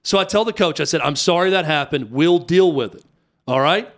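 A man in his thirties casually telling a story about coaching his daughter's basketball team, acting out the people he quotes. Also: a little fast. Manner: animated, acts out quotes with rising pitch.

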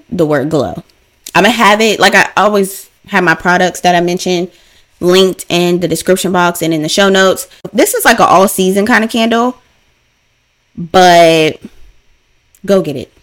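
A woman's voice: fairly low pitch, measured pace. Chatty woman podcast host, playful. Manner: chatty, playful and animated, repeats lines for emphasis. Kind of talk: casual solo podcast chat.

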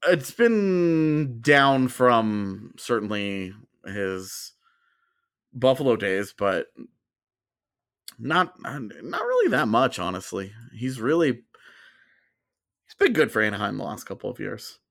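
A man co-hosting a hockey podcast in casual chat, rambling and restarting his sentences, with quick laughs. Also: mid-range voice, huge pitch swings, creaky, a bit bright, no echo, clean studio sound. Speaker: podcast co-host, hockey reporter.

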